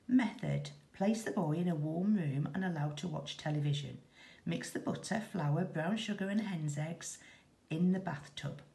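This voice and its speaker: A woman teacher reading a children's story aloud in a slow, expressive, rhythmic way. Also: lowish voice, vocal fry. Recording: echoey room.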